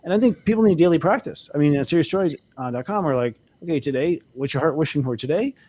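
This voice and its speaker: A man chatting fast on a spiritual talk show, his voice sitting a little high. He speaks candidly and with animation, laughing often. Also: animated, a little mellow. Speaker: co-host, astrologer.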